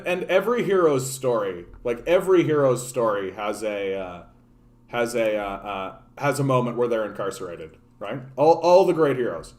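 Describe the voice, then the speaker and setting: A man from Canada hosting a political livestream, ranting casually with profanity and many restarts. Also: mid-range voice. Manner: profane, animated, repeats and restarts words.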